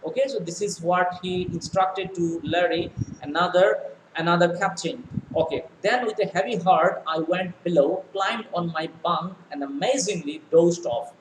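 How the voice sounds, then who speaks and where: A man's voice: sits high, normal speed. A male teacher reading a story aloud and explaining it line by line, with many fillers. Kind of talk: explaining a textbook lesson. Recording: echoey room, faint noise.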